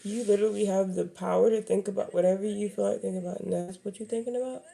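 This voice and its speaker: A woman's voice: mid-range voice, fairly even intonation, fast, creaky, warm tone. A young adult woman vlogger chatting candidly and rambling, laughing often as she talks. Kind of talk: casual chat.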